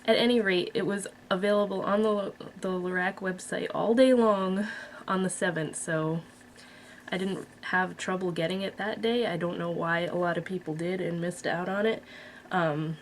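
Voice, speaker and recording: A woman's voice: lowish voice, steady tone, moderate pace, a little hiss or hum. A woman vlogger casually reviewing a makeup palette, chatty and blunt with frequent fillers. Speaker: beauty vlogger.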